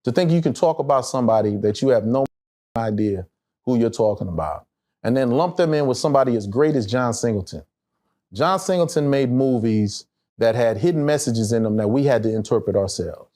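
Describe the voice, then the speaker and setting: A middle-aged man, an actor, telling a personal story in an interview with animated, profane, emotional delivery. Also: mid-range voice.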